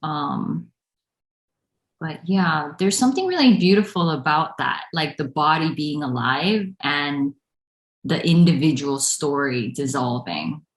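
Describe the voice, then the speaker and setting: A woman hosts a spiritual meeting in a gentle, reflective way. Her voice sits very low and moves unhurriedly. The sound carries a roomy echo. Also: lively intonation, measured pace. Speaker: non-duality teacher, host.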